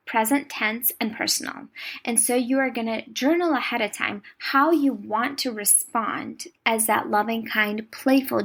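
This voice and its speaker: A young woman hosting a podcast, talking in a warm, encouraging, chatty way as a coach. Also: on the high side. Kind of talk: podcast monologue.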